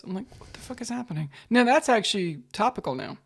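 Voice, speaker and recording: Woman comedian, mid-pitched voice, blunt and profane, quick jokey podcast banter. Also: animated, vocal fry. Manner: blunt, swears freely, jokey. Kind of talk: casual comedic chat.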